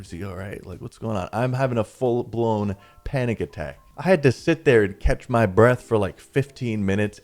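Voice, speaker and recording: A man narrating a personal story in a casual, chatty way, full of "dude" and "listen", with lively rises and drops as he retells it. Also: medium pitch. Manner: laid-back and chatty, peppered with 'dude' and 'listen'. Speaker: storytime YouTuber.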